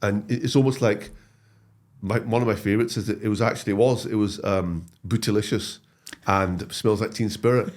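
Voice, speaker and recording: A man chatting as an interview guest, his voice low-set but leaping up high when he gets going. He tells stories in an animated rush, restarting lines as ideas tumble out. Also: brisk. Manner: animated storytelling with frequent restarts. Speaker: guest, comedy actor and writer. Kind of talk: casual interview chat.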